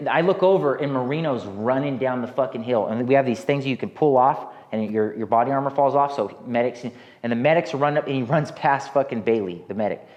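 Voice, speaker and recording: Profane rambling American man, dull sound. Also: mid-range voice. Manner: rambling, profane, restarts often. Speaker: guest, army veteran. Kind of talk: casual storytelling, profane war story.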